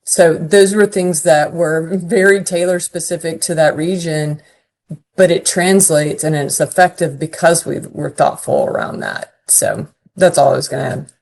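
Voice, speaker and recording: Low-voiced woman executive. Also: lively intonation, unhurried, vocal fry, darkish tone. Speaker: company executive. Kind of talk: panel discussion.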